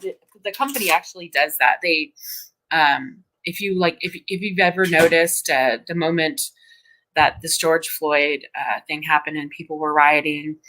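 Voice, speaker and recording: A low-pitched woman with a bright, forceful tone hosts a stream in casual chat. She rambles and often stops to restart her sentences as she works through her thoughts. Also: moderate pace, rough recording. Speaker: stream host.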